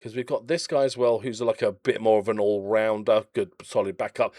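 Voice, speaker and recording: A man's voice: on the low side, steady tone, fairly quick, darkish tone, dry recording, studio quality. A man casually commentating on his own game footage, chatty and jokey, rambling off into blunt little rants. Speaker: game channel host.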